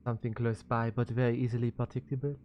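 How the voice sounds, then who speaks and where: A man's voice: medium pitch, level tone, highs cut off, a little hiss or hum, natural voice. A man voicing a poised woman tech mogul with a put-on French accent, speaking formally in a tabletop role-play. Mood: composed. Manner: formal, courteous, measured.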